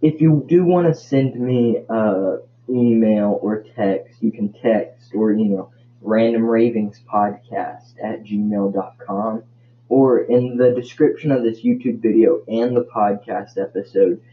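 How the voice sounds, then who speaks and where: A man's voice: on the low side, takes it slowly, narrow, tinny audio, slight background noise. A man hosting a casual solo podcast, rambling and tripping over his words. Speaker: podcast host.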